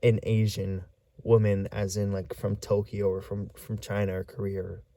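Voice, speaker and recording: Male vlogger, low and mellow voice, rambling halting storyteller who keeps searching for the right words. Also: monotone, dry recording. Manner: rambling, halting, lots of fillers. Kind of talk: casual storytelling vlog.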